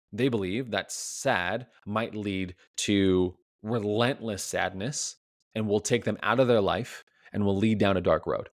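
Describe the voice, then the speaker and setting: A man's voice: on the low side, dry recording, studio quality. A man as a relationship coach, giving a reflective solo podcast talk full of rhetorical questions, often tagged with "right?".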